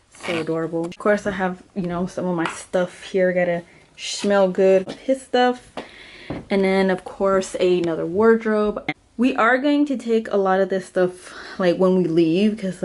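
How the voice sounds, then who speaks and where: A young woman giving a casual house tour for her vlog, chatty and giggly, a little out of breath as she walks from room to room indoors. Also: medium pitch. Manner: chatty, giggly, lots of "like" fillers. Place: small rented house, indoors, walking room to room.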